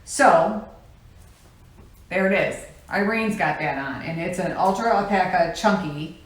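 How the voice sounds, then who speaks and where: A woman's voice: lowish voice, a little slow. A woman co-hosting a crafting podcast, chatting casually and telling little stories with quoted lines. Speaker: podcast co-host. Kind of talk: casual chat. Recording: echoey room with faint noise.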